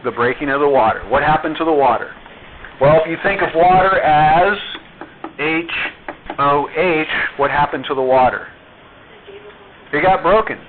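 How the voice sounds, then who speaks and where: A man's voice: a little high, background noise. A man teaching a chemistry class, quizzing his students as he goes. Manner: quizzing students, slow and deliberate. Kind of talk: classroom lecture with questions to students. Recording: tinny phone-like classroom recording.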